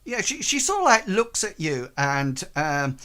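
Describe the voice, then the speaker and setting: A man runs a tabletop role-playing session, describing scenes and calling for rolls. He talks slowly and haltingly, with many pauses and fillers. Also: on the high side, wildly swooping pitch, sharp tone, clean tone. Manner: hesitant, full of ums and likes. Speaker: game master. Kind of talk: narrating a tabletop game.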